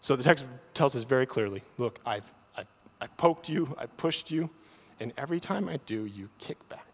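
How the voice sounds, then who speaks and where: Man, preacher, sermon, animated, repeats words, mid pitch, long hall echo. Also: normal speed. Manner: repeats words when starting sentences, animated.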